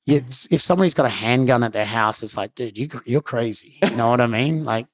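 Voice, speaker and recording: A man's voice: medium pitch, fairly quick. Laid-back Australian man telling stories. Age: middle-aged. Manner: rambling, laid-back, lots of "like" and quoted self-talk. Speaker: guest. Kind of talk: casual storytelling interview.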